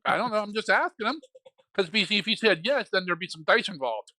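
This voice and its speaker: A man's voice: sits high, big pitch swings, quick pace, bright, forceful tone, dry recording, studio quality. A man narrating as game master in a tabletop game, joking and loose, often rephrasing as he goes.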